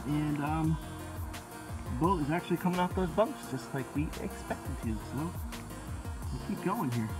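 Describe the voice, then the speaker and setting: A man's voice: a little high, lively intonation, normal speed, long pauses, over music, low-quality recording. Wisecracking man working under a boat. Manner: joking, wisecracking, talks to himself while working. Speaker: sailboat vlogger. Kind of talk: casual DIY narration. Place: outdoors under a sailboat in a boatyard. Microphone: handheld phone.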